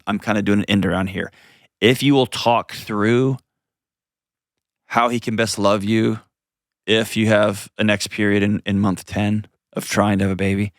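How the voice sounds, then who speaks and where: A man hosting an advice call-in show, talking in an earnest, gently coaching way and often restarting his sentences. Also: lowish voice, no room sound, studio quality. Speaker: host.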